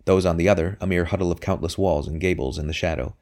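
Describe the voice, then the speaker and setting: Male narrator with a very low voice, steady and measured storybook reading. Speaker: audiobook narrator. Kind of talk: scripted narration.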